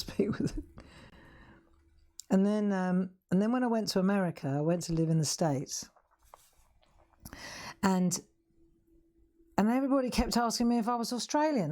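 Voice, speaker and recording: A woman's voice: medium pitch, normal speed, long pauses, a little mellow. A middle-aged woman with a Southern English accent, hosting a live craft demonstration in a chatty, self-mocking way and laughing often. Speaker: craft show host. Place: craft room.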